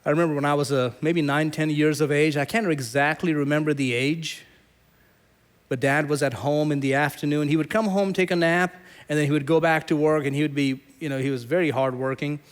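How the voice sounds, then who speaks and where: Animated middle-aged male preacher. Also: a little high, brisk. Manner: animated storyteller, acts out quoted voices. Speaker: pastor. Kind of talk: sermon.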